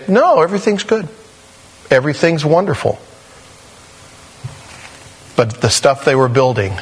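Guy preaching verse by verse, casual, bounces his voice high for quotes, long hall echo. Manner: conversational, acts out quoted voices with pitch jumps. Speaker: pastor. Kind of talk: expository Bible teaching.

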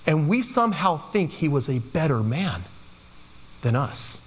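A man's voice: a little high, big pitch swings, unhurried. A man preaching a sermon in a loose, conversational way, slipping into playful quoted asides. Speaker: pastor. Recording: long hall reverb.

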